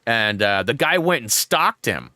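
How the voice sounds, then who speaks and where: A man hosting a gaming live stream, chatting casually and telling rambling, animated stories while he plays. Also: mid-range voice, measured pace, no echo, clean studio sound. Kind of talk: live-stream gameplay chat.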